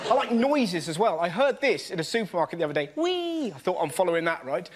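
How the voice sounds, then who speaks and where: A man doing an excitable stand-up routine on a panel show, acting out voices in shrieks. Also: high voice, quick pace. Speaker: comedian panelist. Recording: live studio audience with heavy noise.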